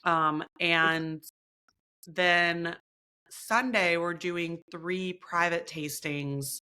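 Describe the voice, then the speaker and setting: A woman's voice: lowish voice, drawn-out words, clean tone. A young woman co-hosting a podcast, chatting casually and acting out other people's lines as she tells stories. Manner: animated storytelling, acts out others' lines. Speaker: podcast co-host. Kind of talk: casual chat.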